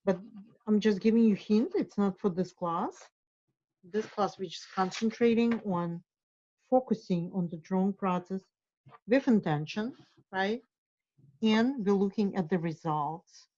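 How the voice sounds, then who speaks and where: A woman guides a drawing lesson, encouraging her students as she draws. Her voice is mellow and warm. The recording sounds somewhat dull. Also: medium pitch, unhurried. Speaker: art instructor.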